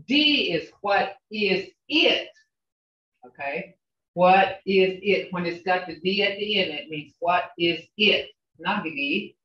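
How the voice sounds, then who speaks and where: Older lady teaching a class over zoom, super slow and patient, echoey muffled audio. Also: mid-range voice, a bit bright, distant mic. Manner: patient, drawn-out coaching with frequent "okay?". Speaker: language teacher. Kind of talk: online language class. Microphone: video call.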